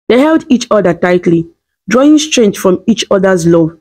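A woman reading a scripted story in a steady, dramatic way. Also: mid-range voice, normal speed.

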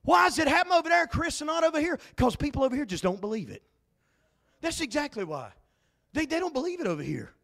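A man's voice: very high-pitched, big pitch swings, quick pace, vocal fry, fairly bright tone. A male pastor, preaching a fervent, folksy Pentecostal sermon full of repetition. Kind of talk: Pentecostal sermon at a Bible study.

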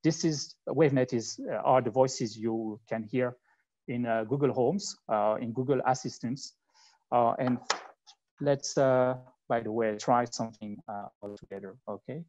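A man with a French accent giving a live technical conference talk with demos. He speaks in a halting, conversational way and thinks aloud as he goes. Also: mid-range voice, darkish tone. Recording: slightly muffled online talk recording.

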